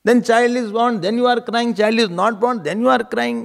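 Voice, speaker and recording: A man's voice: very high-pitched, fairly even intonation, moderate pace, vocal fry. A man giving a spiritual discourse, asking rhetorical questions and chuckling often. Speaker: spiritual teacher.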